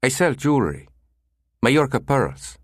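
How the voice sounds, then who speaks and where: Voiced by a male narrator, a Spanish traveller with a slight cold speaks through his nose, courteous and easily flustered. His voice sits higher than the narrator's own and swings about. It is recorded close and dry for an audiobook. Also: very animated, unhurried, no echo. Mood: apologetic. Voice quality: nasal. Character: nasal Spanish man with a cold, polite and flustered.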